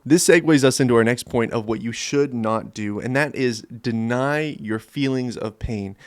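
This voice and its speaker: A man's voice: medium pitch, dry recording, clean studio sound. A man hosting a Christian men's ministry show, talking earnestly and directly to the viewer about faith and doubt. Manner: earnest, direct, addresses listener as friend. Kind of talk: earnest faith talk to camera.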